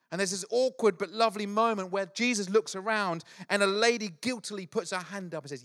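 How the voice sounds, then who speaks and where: A middle-aged man preaching a sermon, telling Bible stories in an animated, joking way with quick acted asides. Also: sits high. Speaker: pastor.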